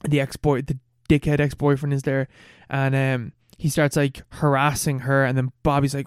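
A man's voice: mid-range voice, flat delivery, smooth, no room sound, clean studio sound. A man in a casual chat, rambling and laughing as he recaps a film plot. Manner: rambling, laughing, swearing, fast storytelling.

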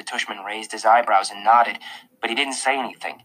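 A man narrating a children's novel in the first person, with an expressive storytelling delivery. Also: fairly low pitch, moderate pace, poor audio. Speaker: audiobook narrator.

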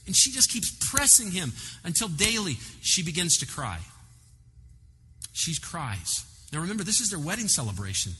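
Bright-voiced preacher man in a hall. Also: high voice, moderate pace, soft background music. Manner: animated storytelling with asides to the congregation. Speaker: pastor. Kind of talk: sermon.

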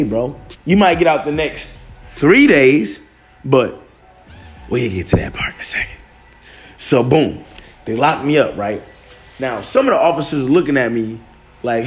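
A young man from Detroit telling a personal story on a podcast in a casual, animated way, acting out what others said and often calling listeners "bro". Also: medium pitch. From Detroit, USA. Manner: animated, acts out other people's lines, peppered with "bro".

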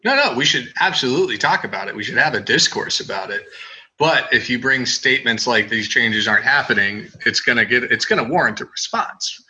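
Sharp-voiced man, animated and profane. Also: mid-range voice, fairly quick, rough recording. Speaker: podcast guest. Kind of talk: casual conversation.

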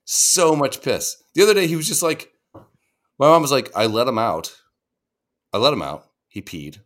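A man's voice: medium pitch, very animated, normal speed, fairly bright tone. A man co-hosting a podcast, telling rambling, profane stories in casual chat. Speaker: podcast co-host.

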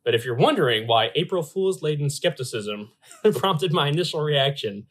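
Male podcast host, casual and animated, reads text aloud with playful emphasis. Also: on the high side, normal speed. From Louisville area, US. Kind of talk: casual podcast chat about beer.

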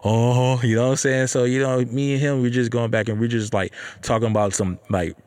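A young man, casually telling a personal story, profane and animated, with lots of "you know what I'm saying". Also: mid-range voice, fast talker.

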